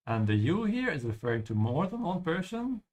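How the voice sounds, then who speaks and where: A man's voice: on the high side, very animated, moderate pace, a little mellow. A man teaching German while playing a game, explaining patiently and ending his points with "yeah?". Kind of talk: language lesson over gameplay.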